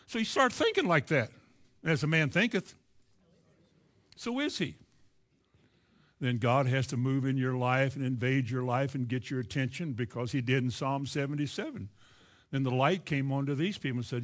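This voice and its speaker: A man's voice: medium pitch, animated, normal speed, pauses often, a bit bright. A man with a Kentucky accent preaching a sermon in a folksy, earnest way, acting out the voices he quotes.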